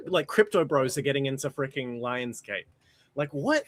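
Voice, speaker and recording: A man's voice: medium pitch, moderate pace. A man hosting a casual stream who reads out chat questions, swears, and laughs easily. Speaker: stream host.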